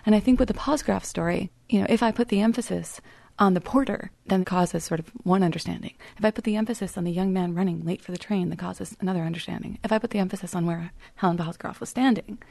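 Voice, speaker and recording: A woman author being interviewed, telling a legal story in a thoughtful, measured way, sometimes dropping her voice very low. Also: gravelly, dry recording. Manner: thoughtful, storytelling, drops to soft near-whisper at grim points. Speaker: author and writing teacher. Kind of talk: interview guest explaining.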